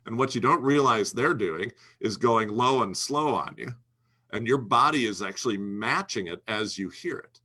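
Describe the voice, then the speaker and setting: A man's voice: medium pitch, expressive, moderate pace, pushed and bright, breathy edge. A man speaking as a guest, coaching financial advisors in an emphatic, instructional way and repeating his key phrases. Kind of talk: instructional talk to a host.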